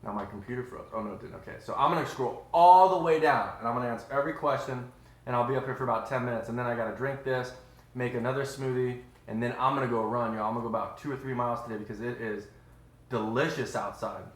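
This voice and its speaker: Chatty man, live-stream host, mid pitch, roomy kitchen echo. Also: quick pace. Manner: upbeat, chatty, says "y'all" a lot. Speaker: livestream host. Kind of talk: casual live-stream chat. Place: home kitchen.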